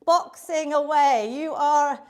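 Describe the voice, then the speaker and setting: British fitness lady, high voice, cheery and encouraging, bit breathless, counting reps. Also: slow. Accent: British English. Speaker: fitness instructor. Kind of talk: live online exercise class. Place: home workout room.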